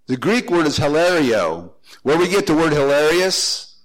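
A man's voice: a little high, big pitch swings, moderate pace, low-quality recording. An older man preaching a folksy sermon as pastor, breaking into joking asides.

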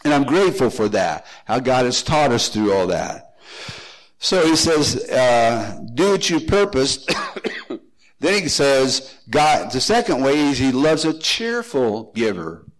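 A man's voice: mid-range voice, big pitch swings, slow, rough recording. Older male pastor, folksy sermon. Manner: folksy, joking asides with laughs.

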